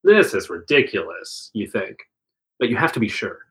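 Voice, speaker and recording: A man with a lowish voice reads a second-person adventure tale to friends, bringing some energy to the dialogue. His pitch swings widely at a moderate pace, and the audio is poor.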